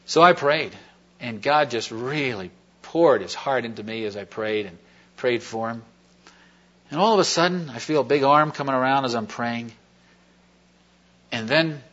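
A man with a mid-range, fairly bright voice gives a sermon testimony, rambling through a personal story in a folksy manner full of fillers and restarts. The recording is dull and lo-fi.

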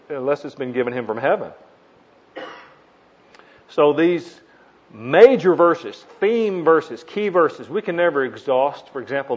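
A man delivering a teaching sermon in an earnest voice that sits a little high for a man. He stresses single words with sudden emphasis. The recording sounds dull and lo-fi. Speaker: preacher. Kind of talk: teaching sermon on Bible meditation.

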